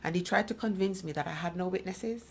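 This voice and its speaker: Guest speaker, middle-aged woman, emphatic storyteller, rough fry in the voice. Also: on the low side, fast, a little hiss or hum. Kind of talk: personal testimony in a talk program.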